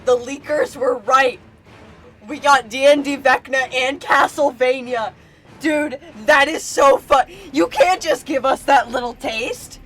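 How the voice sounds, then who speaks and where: A woman streamer reacting live, excitable, casual and swearing freely as she shouts and laughs. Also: sits high, a little slow, faint music behind.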